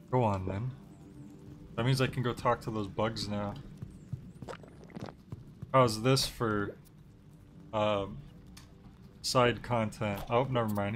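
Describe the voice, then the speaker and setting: A laid-back man streamer talks through a game he is playing, dropping wry asides. His voice sits in an ordinary middle register. Game music plays behind him. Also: medium pitch. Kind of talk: relaxed game commentary.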